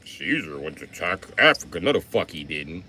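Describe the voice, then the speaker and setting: Animated, bright-voiced man ranting. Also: low voice, fairly quick, a little hiss or hum. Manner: loud, animated, swearing heavily. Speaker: livestreamer. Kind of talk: profane comic rant on a live stream.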